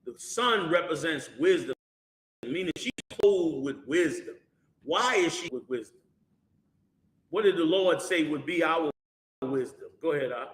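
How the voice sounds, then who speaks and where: A man teaching a Bible class in a preaching style. He is animated, uses colloquial slang and keeps firing rhetorical questions at the class. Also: fairly high pitch, a little slow, pauses often. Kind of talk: preaching-style scripture lesson. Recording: echoey room.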